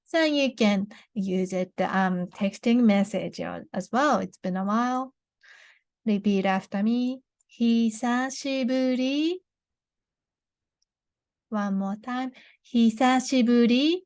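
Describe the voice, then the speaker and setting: A young woman with a Japanese accent teaching a beginner language lesson, saying words slowly and clearly for repetition, with frequent restarts. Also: medium pitch, darkish tone, no echo, studio quality. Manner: slow, careful model pronunciations with many restarts.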